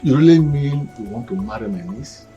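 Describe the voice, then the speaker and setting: An actor with a Nigerian accent playing a pleased middle-aged uncle blessing a suitor. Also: male voice, fairly high pitch, expressive, a little fast, dull audio, over music, natural voice. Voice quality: expansive, approving. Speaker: uncle of the bride.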